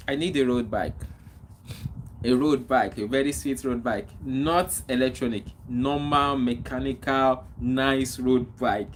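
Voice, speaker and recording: A Nigerian man chatting on a livestream, mid-pitched and unhurried, who repeats himself as he answers chat comments and lectures on how to behave. He keeps coughing and clearing his throat, and a faint ambient hum sits behind him. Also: low-quality recording. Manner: repetitive, reads and answers chat comments, preachy advice. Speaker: livestream host. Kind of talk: casual livestream chat with viewers.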